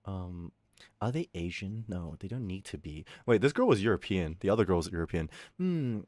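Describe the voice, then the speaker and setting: A male streamer chatting casually with his viewers, swinging from loud outbursts to low mutters and swearing freely. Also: big pitch swings, normal speed, dry recording, clean studio sound. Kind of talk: casual livestream chat with viewers.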